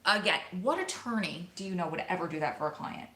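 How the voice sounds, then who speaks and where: A woman vlogger telling a story to her viewers in an excited, emotional, rushing way. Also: on the low side. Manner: excited, emotional, talks fast in bursts. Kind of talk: casual storytelling to camera. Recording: echoey room.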